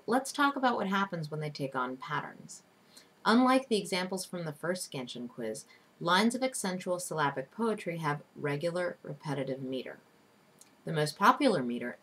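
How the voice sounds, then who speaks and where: A woman instructor giving a recorded online lecture, teaching in a clear, deliberate way and slowing down to stress syllables. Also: sits low, fairly bright tone. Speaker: literature instructor.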